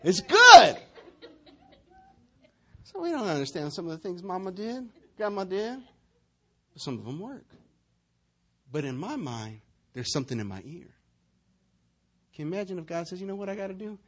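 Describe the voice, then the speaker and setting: A man preaching, his voice high for a man and full of swooping pitch. He swings between near-shouts and hushed asides as he tells his stories. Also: big pitch swings, brisk, long pauses. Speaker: pastor. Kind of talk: sermon.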